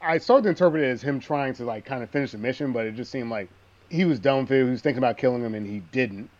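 A man co-hosting a casual movie discussion, relaxed and laughing as he retells scenes. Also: mid-range voice, fast talker, highs cut off.

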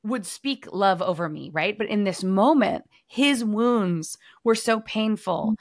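A young adult woman co-hosting a casual faith conversation, telling personal stories in an animated way. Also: mid-range voice, slow pace, no echo, studio quality. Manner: animated storyteller, acts out quotes. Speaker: podcast co-host.

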